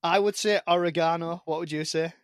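A man's voice: on the high side, brisk, no echo, clean studio sound. A man with a strong British accent, a guest on a podcast, chatting casually over a video call with many restarts. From Britain. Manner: rambling, many restarts and repeated words. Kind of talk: casual chat.

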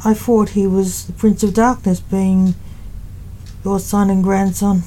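A woman's voice: mid-range voice, level tone, measured pace, warm tone, slight background noise, close to an everyday voice, low-quality recording. A woman voicing a cocky young man who mocks and baits people while reading a story. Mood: mocking. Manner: teasing and mocking.

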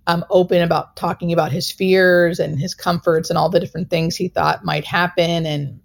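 Woman guest, hospice nurse; lowish, gravelly voice; earnest, emotional storytelling full of fillers. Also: level tone, normal speed. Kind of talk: personal storytelling in interview.

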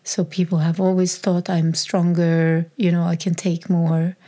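A woman telling a raw personal story in a halting, reflective way, with many restarts. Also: fairly low pitch, little pitch movement, mellow. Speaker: speaker sharing a personal story. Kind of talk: personal testimony.

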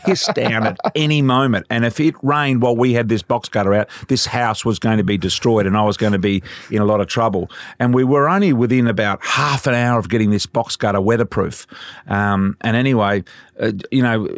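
A man's voice: fairly low pitch, dry recording, studio quality. An older man with an Australian accent, telling laid-back stories as a guest in a casual interview, chuckling as he goes.

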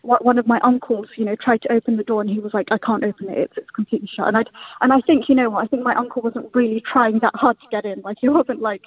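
A man's voice: extremely high pitch, steady tone, fast talker, slightly rough, dry recording. Man telling a ghost story by phone. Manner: rambling, many fillers and restarts. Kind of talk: casual storytelling. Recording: tinny phone-like dry sound.

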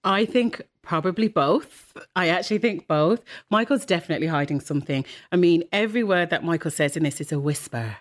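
A woman's voice: on the low side, fairly quick, few pauses. A woman in casual chat about a TV series, giving frank opinions and quoting the characters. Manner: opinionated, lively, quotes characters. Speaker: podcast co-host.

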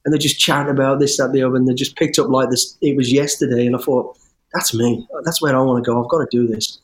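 A middle-aged man, an interview guest telling his life story in an animated, rambling way with restarts and swearing. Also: mid-range voice, fast. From English West Midlands. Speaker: interview guest, former soldier. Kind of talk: storytelling in conversation.

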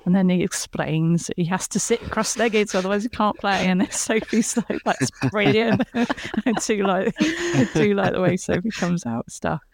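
A woman's voice: medium pitch, lively intonation, normal speed, vocal fry, a little mellow, a little hiss or hum. A woman chatting casually on a podcast, retelling a TV episode scene by scene. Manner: chatty, retelling scenes with laughs and quoted lines.

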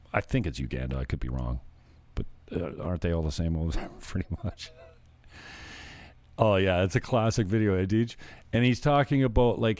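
A man's voice: on the low side, a little mellow, no room sound. A male show host ranting casually, blunt, profane and mocking. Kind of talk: casual crude comedy rant.

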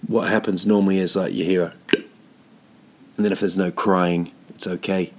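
A man's voice: deep voice, little pitch movement, moderate pace. A man, a touring comedian, talking at home in a casual, rambling monologue, hesitant with many ums and dry self-mocking humour. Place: at home, sitting indoors.

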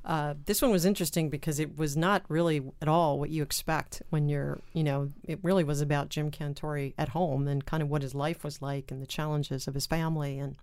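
A woman's voice: low-pitched, steady tone, a little fast, few pauses, darkish tone, smooth, dry recording. A woman hosting a podcast, chatting loosely with fillers and then reading the sign-off. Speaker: podcast host.

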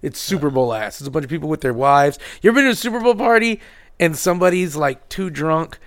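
A man in casual, profane podcast chat, telling stories with lively swings and dropping quiet for the serious parts. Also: fast talker. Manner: animated storyteller, drops to low quiet tones for serious parts. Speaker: podcast co-host.

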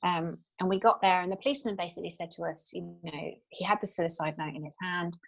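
A woman, a guest telling a personal story in an interview, candid and halting with frequent fillers and restarts. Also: fairly low pitch, fairly even intonation, vocal fry, fairly bright tone, rough recording.

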